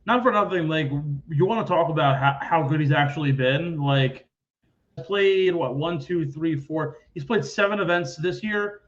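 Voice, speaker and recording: High-voiced young man hosting a podcast. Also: moderate pace, dull audio. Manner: chatty storyteller, swears freely. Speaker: podcast host. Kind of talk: casual sports podcast chat.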